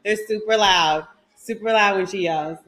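A woman's voice: mid-range voice, fairly bright tone. Teasing young woman in an echoey room. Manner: teasing, laughs a lot, quick asides. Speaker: podcast co-host. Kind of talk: casual chat.

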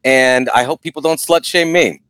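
A man's voice: medium pitch, fairly bright tone, clean tone, no echo. Emphatic man on a podcast. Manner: emphatic, quick to agree. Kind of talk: casual chat.

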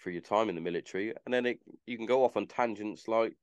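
A man's voice: lowish voice, fast, smooth, no room sound, highs cut off. A man hosting a podcast, chatting casually in a rambling way and swearing freely. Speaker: podcast host. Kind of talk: casual chat.

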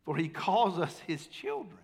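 A man preaching a sermon as pastor, talking with the congregation, calling for amens and swinging between hushed and emphatic lines. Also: a little high, normal speed. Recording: long hall reverb.

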